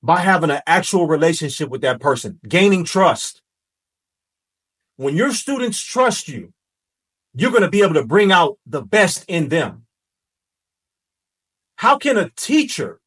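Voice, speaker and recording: Guy with a high voice doing a fired-up commentary, preachy, gets shouty. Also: very animated, measured pace, long pauses, husky. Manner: preachy, emphatic, rising to shouts. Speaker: commentary host. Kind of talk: impassioned reaction commentary.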